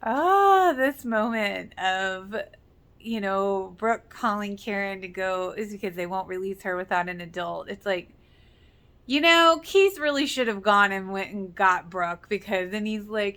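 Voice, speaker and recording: A woman's voice: mid-range voice, measured pace, a bit bright, clear, resonant tone. A woman giving casual reaction commentary, earnest and emotional, with many fillers. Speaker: reaction video host.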